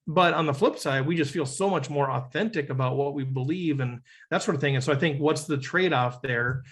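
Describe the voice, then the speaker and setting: Give me a reflective middle-aged man, slightly high voice. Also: a little fast, a bit bright. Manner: earnest, reflective, with frequent "right?" and "like". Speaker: podcast guest, leadership coach. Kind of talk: conversational interview.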